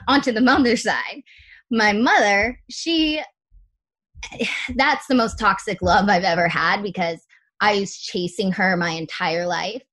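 A woman's voice: mid-range voice, fairly bright tone. A young adult woman speaking as a podcast guest in casual, candid chat, full of "like" fillers and the odd swear word.

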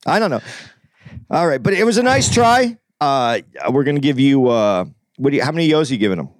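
A man co-hosts a podcast with a lively, swooping delivery. He swears freely and breaks into fast rants. The sound is dry and close to the mic. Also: mid-range voice, no room sound. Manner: animated, swears freely, bursts into quick rants. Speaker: podcast co-host. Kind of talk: casual chat.

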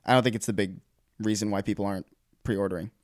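A man's voice: fairly low pitch, steady tone, quick pace, no echo, studio quality. A man co-hosting a casual gaming podcast, giving his opinions in a conversational way, often restarting his sentences. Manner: conversational, hesitant, many restarts. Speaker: podcast co-host.

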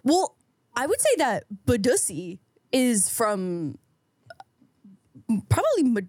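A woman's voice: on the high side, huge pitch swings, takes it slowly, a little mellow, dry recording. A young woman co-hosting a podcast, casual and giggly, rambling with restarts. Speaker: podcast co-host. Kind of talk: casual chat.

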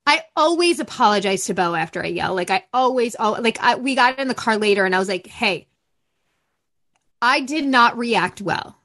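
A woman's voice: mid-range voice, lively intonation, fast talker, few pauses, fairly bright tone. A woman co-hosting a podcast, chatting candidly and frankly about parenting and swearing freely. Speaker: podcast co-host. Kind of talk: candid casual chat.

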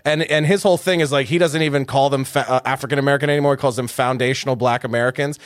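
A man in casual chat, joking and pitching a trolling idea in a mock-earnest way. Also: fairly even intonation, racing, dry recording, clean studio sound.

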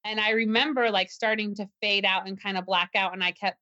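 A woman tells her own story to an interviewer in an earnest, tense voice, breaking off and restarting as she goes. Her tone is bright and sharp, and it is close to the mic with no room sound. The recording is a little dull and muffled. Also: mid-range voice, steady tone, fairly quick, dry recording. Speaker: guest, self-defense teacher. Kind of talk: personal story told in an interview.

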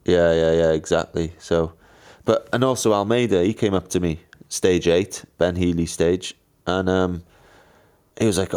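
A man's voice: sits low, steady tone, normal speed, darkish tone, clear, resonant tone. A man, a cyclist, chatting casually and telling rambling stories with lots of fillers. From Wales. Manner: chatty storytelling, lots of fillers and mimicked voices. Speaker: pro cyclist, podcast co-host. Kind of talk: casual chat.

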